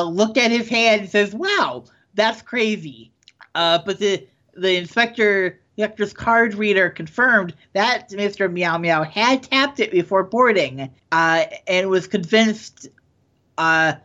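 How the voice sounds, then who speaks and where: A man's voice: high-pitched, measured pace, bright, forceful tone. A man co-hosting a podcast who reads news stories in a casual chat and often stumbles and corrects himself. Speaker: podcast co-host. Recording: dull lo-fi sound.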